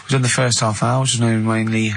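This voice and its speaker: A man's voice: mid-range voice, level tone, fast, vocal fry. A man co-hosting a radio show in casual banter, joking, teasing and laughing often. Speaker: radio co-host.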